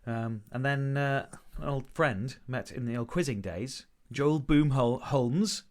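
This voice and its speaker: A man co-hosting a casual music podcast, teasing his friend in a deadpan, mock-insulting way. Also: medium pitch, a little slow. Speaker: podcast co-host. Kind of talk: casual banter.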